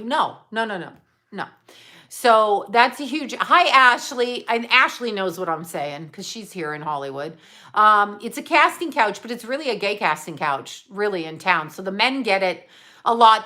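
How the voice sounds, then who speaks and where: A woman's voice: mid-range voice, sharp tone. Blunt, profane woman venting on a live stream. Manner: blunt, profane, rambling with frequent laughs and asides. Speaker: psychic medium hosting a live stream. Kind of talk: rambling unscripted live vent. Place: home in Los Angeles area.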